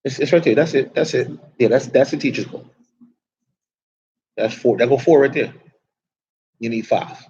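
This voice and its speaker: A man's voice: mid-range voice, moderate pace, pauses often, a little mellow, muffled recording. A man teaching an Arabic grammar class in a casual, chatty way, often asking the class rhetorical questions.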